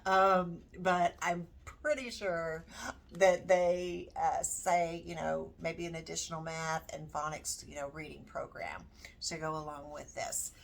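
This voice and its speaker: Slow, easygoing lower-voiced woman. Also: level tone, creaky. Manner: unhurried, thinking aloud with many fillers. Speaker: homeschooling parent. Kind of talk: casual curriculum walkthrough.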